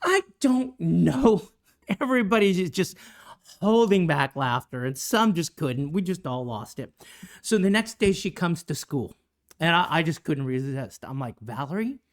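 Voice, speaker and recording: A woman's voice: deep voice, big pitch swings, moderate pace. A middle-aged woman, a teacher co-hosting a podcast, telling a funny classroom story in casual chat. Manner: chatty, teasing, puts on voices for quoted people.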